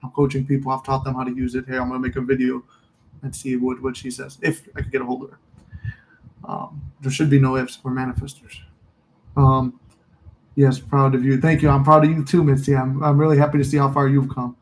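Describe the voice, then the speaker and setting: A man's voice: medium pitch, completely flat delivery, a little fast, a little hiss or hum, low-quality recording. A man hosting a casual livestream, talking candidly in a rambling way, cursing freely and reading out and answering viewer comments. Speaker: livestream host.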